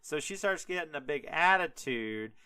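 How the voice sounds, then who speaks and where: A man's voice: a little high, lively intonation, moderate pace, pushed and bright, smooth, no echo. A young man hosting a podcast, retelling scripture in an irreverent, rambling way full of fillers. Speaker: podcast host.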